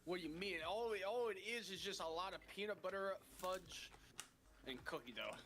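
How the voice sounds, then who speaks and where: Bright, teasing man on a call. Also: high-pitched, lively intonation, normal speed, slight background noise. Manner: teasing, laughing, chewing while talking. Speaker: guest on call. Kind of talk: casual chat on a call. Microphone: new mic.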